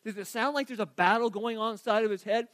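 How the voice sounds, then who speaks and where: A man's voice: high-pitched, steady tone, quick pace, dry recording. A man preaching a sermon as pastor, reading scripture aloud and driving his points home with earnest emphasis. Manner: earnest preaching, swings from quiet reading to emphatic rising delivery.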